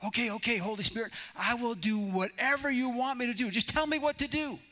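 A man's voice: extremely high pitch, normal speed, sharp tone, pitched above the performer's own voice, exaggerated voice. A man playing a desperate man hanging from a cliff branch, pleading and promising anything in a sermon story. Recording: long reverb in a large hall.

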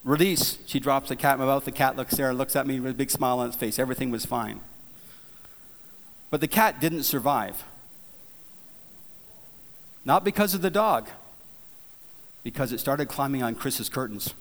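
A man's voice: medium pitch, normal speed, long pauses. Folksy preacher man in a reverberant hall. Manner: conversational, folksy storytelling with repeated restarts. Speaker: pastor. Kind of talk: sermon.

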